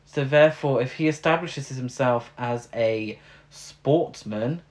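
A man's voice: mid-range voice, slow pace, darkish tone. A man co-hosting a podcast, recapping a film in a wry, joking way with frequent fillers. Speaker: podcast co-host. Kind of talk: casual film recap chat.

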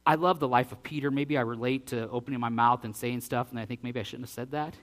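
A male pastor preaching a sermon and reading scripture aloud, acting out the dialogue with big swings in loudness. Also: mid-range voice, fairly even intonation, fast talker.

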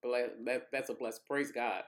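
A woman's voice: a bass voice, steady tone, measured pace. Conversational woman host asking questions. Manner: conversational, prompting follow-up questions. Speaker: interviewer and host. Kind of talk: faith-based interview.

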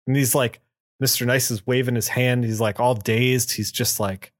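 A man co-hosting a comic book podcast, casually retelling a plot and slipping into quick voices for the characters. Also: mid-range voice, fairly even intonation, dry recording, clean studio sound. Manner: acts out quotes in quick voices.

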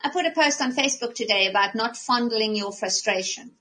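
Bright, animated woman podcast host. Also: fairly high pitch, a little fast, poor audio. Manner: animated, restarts phrases often, acts out her own thoughts. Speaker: podcast co-host and life coach. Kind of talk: casual conversational podcast.

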